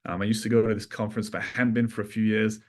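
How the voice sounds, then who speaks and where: A man's voice: fairly low pitch, little pitch movement. A man hosting a casual sales webinar from an office room, upbeat and teasing his co-host. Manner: upbeat, joking, quick to tease.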